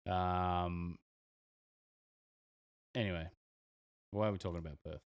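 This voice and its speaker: A young Australian man with a very low, deep voice rambles through a casual podcast chat. He leans on fillers and restarts as he thinks aloud. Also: fairly even intonation, slow, clear, resonant tone, muffled recording. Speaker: podcast co-host.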